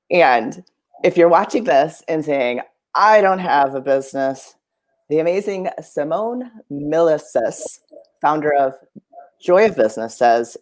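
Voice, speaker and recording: A woman's voice: deep voice, a little mellow. An enthusiastic American woman hosting a live online interview. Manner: bubbly, enthusiastic. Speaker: interview host.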